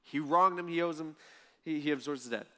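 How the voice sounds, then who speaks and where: A male pastor preaching a sermon, telling a parable with lively, animated delivery. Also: on the high side, brisk. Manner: lively storytelling preacher, acts out voices in the parable.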